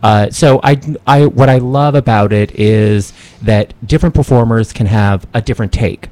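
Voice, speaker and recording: A man's voice: fairly low pitch, normal speed, dark tone, dry recording. A man chatting as a podcast guest, hesitant with many ums but enthusiastic. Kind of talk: casual chat.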